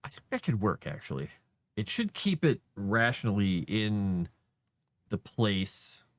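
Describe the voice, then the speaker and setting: A man on a casual livestream, thinking aloud to himself as he formats a document and grumbling at the software. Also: fairly low pitch, huge pitch swings, measured pace. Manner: mutters to himself while working, grumbles at software.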